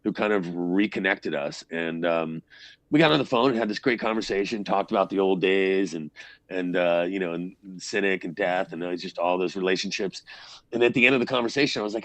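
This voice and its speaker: Deep voiced metal frontman guy rambling thru stories, swears a lot, dry mic. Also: fairly quick, fairly bright tone, no room sound. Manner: rambling storyteller, swears freely, acts out quotes. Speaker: band frontman, interview guest. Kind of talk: casual interview chat.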